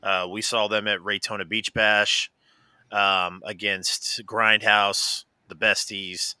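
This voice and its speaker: A man's voice: fairly low pitch, little pitch movement, slow, pushed and bright, smooth, dry recording. A man co-hosting a live wrestling podcast, chatting casually with many fillers and restarts. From American Midwest. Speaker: podcast co-host. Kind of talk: casual live-stream chat.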